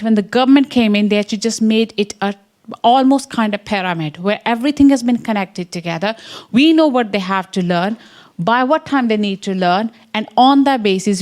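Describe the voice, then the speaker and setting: A woman from the English Midlands with an Indian accent, a science education researcher presenting to a room and checking in with her listeners. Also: medium pitch. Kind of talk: academic talk with slides.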